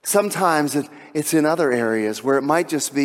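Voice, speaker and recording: A man's voice: a little high, lively intonation, brisk, hardly any pauses, in a large hall. A male pastor preaching a sermon, acting out the voices in the scripture story as he talks. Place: church sanctuary.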